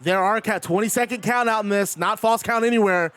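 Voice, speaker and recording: A man's voice: high-pitched, brisk, fairly bright tone, no echo. A man streaming live, giving casual, chatty play-by-play on a wrestling video game.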